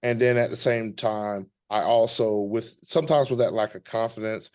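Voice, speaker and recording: A man's voice: fairly low pitch, fairly even intonation, normal speed, a little mellow. A man hosting a casual podcast conversation, talking in a reflective, rambling way with frequent restarts. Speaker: podcast host.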